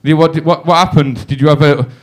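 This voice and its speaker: A stand-up comedian from Warrington with a Northern English accent, telling self-deprecating, swearing stories on a comedy club stage. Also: male voice, fairly high pitch, steady tone, brisk. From Warrington, England.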